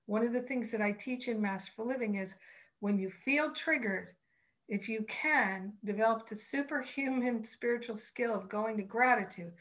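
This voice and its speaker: A woman teaching on spiritual practice, speaking in a slow, earnest and emphatic way. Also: on the high side, a bit bright, rough recording.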